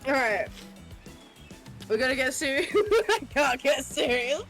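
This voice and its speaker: A woman's voice: high-pitched, big pitch swings, unhurried, fairly bright tone, soft background music. A woman co-streaming a game, teasing and giggling as she chats. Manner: giggly, teasing, often laughing. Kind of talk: casual chat on stream.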